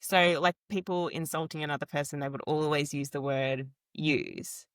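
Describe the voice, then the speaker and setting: Lowish woman telling a story. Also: normal speed, dry recording, studio quality. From Australia. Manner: storytelling, expressive. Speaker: cast member. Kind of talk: casual chat.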